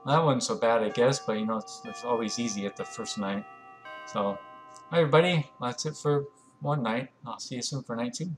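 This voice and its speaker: A man's voice: medium pitch, a little fast, soft background music. A man giving chatty, jumpy, self-mocking commentary while he plays a horror game. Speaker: gameplay video host. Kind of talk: let's play commentary.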